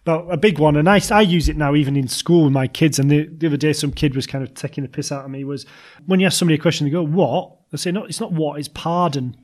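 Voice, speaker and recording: Laughing man, slightly high voice. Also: rapid-fire, a little mellow. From Yorkshire, England. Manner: laughs often while telling stories. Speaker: podcast co-host. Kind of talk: casual chat.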